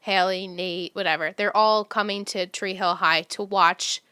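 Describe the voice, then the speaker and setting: Podcast co-host, woman, conversational, reads from her notes with easy laughs; smooth tone, dry room. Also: medium pitch, fairly even intonation, a little slow, bright, forceful tone, no room sound. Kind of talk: casual chat about a TV show.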